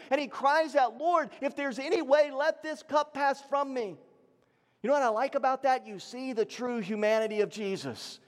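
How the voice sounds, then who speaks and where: A male pastor preaching a sermon, swinging between raised emphatic lines and low, hushed ones. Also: long reverb tail.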